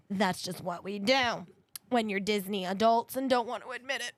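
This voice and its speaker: A woman's voice: medium pitch, normal speed, a bit bright, dry recording. A woman in her thirties co-hosting a podcast in casual chat, blunt and swearing freely, laughing as she talks. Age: 30s. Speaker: podcast co-host.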